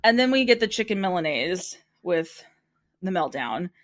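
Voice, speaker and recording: Female podcast co-host, mid pitch, chatty recap with quoted bits, dry close sound. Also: moderate pace, dry recording. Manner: animated storytelling, quotes people in put-on voices, laughs often. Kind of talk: casual recap chat.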